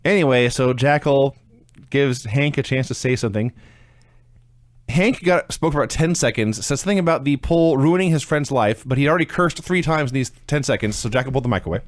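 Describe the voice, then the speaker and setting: A man's voice: mid-range voice, a little fast, no room sound. Dry-humored man recapping wrestling. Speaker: podcast co-host. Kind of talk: casual chat recapping wrestling.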